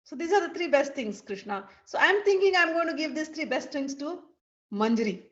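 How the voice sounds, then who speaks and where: A woman's voice: high-pitched, expressive, brisk, a bit bright, pitched above the performer's own voice. A woman voicing Radha as a mischievous, commanding young divine woman who talks in a teasing, insistent way. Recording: dull lo-fi recording.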